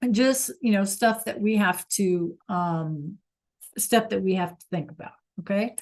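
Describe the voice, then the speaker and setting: Slow-talking teacher on a video call. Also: female voice, medium pitch, darkish tone. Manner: encouraging, asks students to answer in chat. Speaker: Spanish teacher. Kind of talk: online class teaching.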